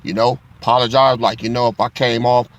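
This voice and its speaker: A man's voice: medium pitch, little pitch movement, a little fast. A middle-aged man teaching from the Bible in a casual, profane storytelling style, laughing as he goes.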